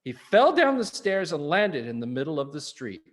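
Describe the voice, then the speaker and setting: A man's voice: fairly high pitch, sing-song, normal speed. A man reading a picture book aloud to young children, with chuckling asides. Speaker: early-years program reader.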